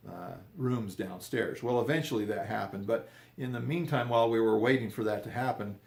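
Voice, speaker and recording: A man's voice: fairly low pitch, fairly quick, gravelly, echoey room. An older man, telling a family story casually and rambling, often repeating and restarting his words.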